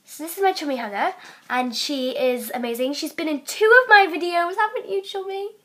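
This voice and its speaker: A woman's voice: very high-pitched, a little fast, sharp tone. A young woman with an English accent hosting a casual vlog, chatty and giggly as she talks with a friend. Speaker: channel host.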